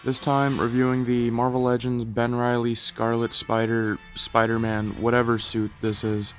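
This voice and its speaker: A man's voice: mid-range voice, completely flat delivery, moderate pace, soft background music. Stuffy-nosed man reviewing toys. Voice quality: nasal. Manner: chatty, swears casually. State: stuffy nose. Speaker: toy review vlogger. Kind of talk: casual video review.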